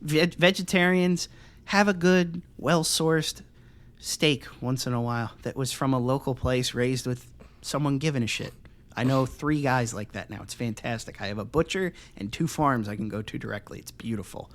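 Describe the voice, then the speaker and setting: A man co-hosting a casual podcast, ranting loudly and swearing often as he talks. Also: medium pitch, normal speed. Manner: ranting, profane, animated. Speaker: podcast co-host.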